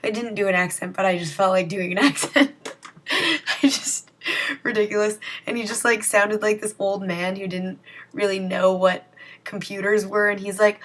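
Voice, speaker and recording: A woman's voice: mid-range voice, steady tone, moderate pace, fairly bright tone. A young woman talking casually to her viewers in a rambling, self-mocking vlog. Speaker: vlogger. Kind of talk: casual vlog chat to camera.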